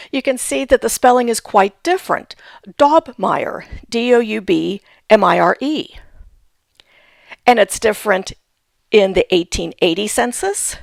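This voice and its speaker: Woman explaining genealogy tips, kinda high and gravelly, dry close sound. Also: no room sound. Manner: patient, spells out names letter by letter. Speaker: genealogy instructor. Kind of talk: instructional talk.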